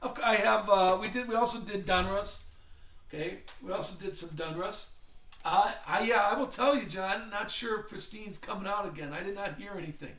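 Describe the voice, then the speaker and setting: A man's voice: high voice, brisk, bright, forceful tone. An older man hosting a live card break, chatting in a rambling way as he reads out player names. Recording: echoey room.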